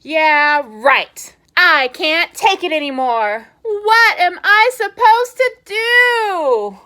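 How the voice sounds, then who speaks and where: A woman voicing a grumpy, possessive male pigeon from a picture book, loud and indignant. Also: extremely high pitch, animated, very slow, voice pushed up, full character voice. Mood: exasperated.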